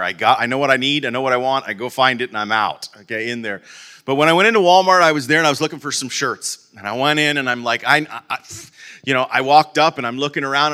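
A man's voice: mid-range voice, pushed and bright. A man casually telling a personal story to his viewers, rambling with lots of restarts and stock fillers. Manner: rambling, repeats "okay, in there" and "and whatnot"; self-deprecating humour, restarts and stammers. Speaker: vlogger.

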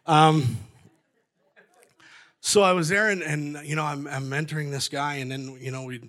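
A man's voice: on the high side, fairly even intonation, normal speed, fairly bright tone. Rambling middle-aged man giving testimony. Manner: rambling, self-interrupting, jokey. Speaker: church member giving testimony. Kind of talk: personal testimony.

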